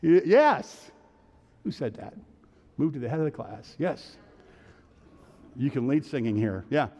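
A male pastor preaching a sermon, animated, calling out to the congregation and urging it to answer back. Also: mid-range voice, moderate pace, big-room sound, a little hiss or hum.

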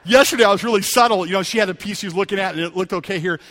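A high-pitched man with a bright, forceful voice preaches a sermon in a church. He moves between easygoing storytelling and loud, emphatic appeals to the congregation. A long hall reverb trails behind every phrase. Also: very fast. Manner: storytelling, conversational with rising emphatic calls. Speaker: pastor. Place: church sanctuary.

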